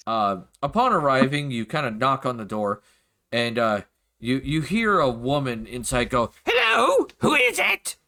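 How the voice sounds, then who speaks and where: Guy running a d&d game, bright voice, loose chatty narration. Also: mid-range voice, animated, normal speed. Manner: casual, loose narration with many fillers. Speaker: game master.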